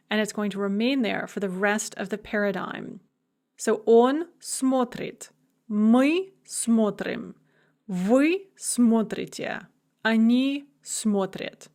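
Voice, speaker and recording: A woman delivers a recorded language lecture in a fairly high voice. She speaks at a slow, measured pace, explaining grammar plainly and stopping to pronounce each model form carefully. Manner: clear explaining, slows to model Russian forms aloud. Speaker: Russian language instructor.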